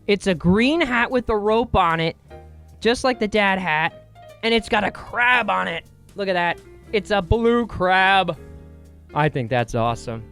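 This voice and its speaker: Young man, podcast host, casual rambling monologue, self-mocking, faint music in the background. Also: fairly high pitch.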